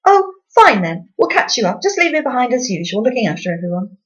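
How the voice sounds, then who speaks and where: A woman voicing a fussy, overly cheerful middle-aged mother who speaks in a high-pitched, bright manner. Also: sing-song, fairly quick, lo-fi sound, natural voice. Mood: chirpy.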